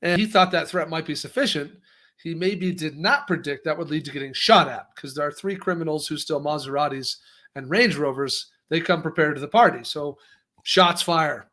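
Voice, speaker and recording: A man co-hosting a casual news commentary, talking in a lively way and restarting his sentences often. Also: on the high side, normal speed. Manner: lively, acts out quotes, frequent restarts. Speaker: co-host.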